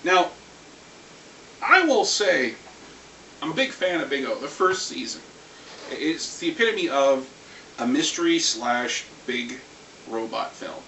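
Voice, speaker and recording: A man ranting casually about anime, rambling and animated, swearing now and then. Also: mid-range voice, slow pace, pauses often. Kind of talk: casual rant. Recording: echoey room, far from mic, faint hiss.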